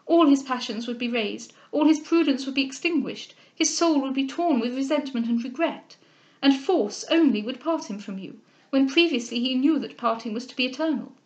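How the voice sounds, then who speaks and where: A woman reading the part of an older gentlewoman and mother, earnest and insistent, in a formal manner. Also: high voice, animated, moderate pace, lo-fi sound.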